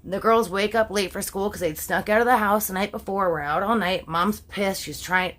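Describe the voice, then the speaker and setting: A woman's voice: medium pitch, moderate pace, fairly bright tone. Chatty woman swearing through a story. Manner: chatty, swears then corrects herself. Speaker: storytime host. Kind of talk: casual true-crime storytelling.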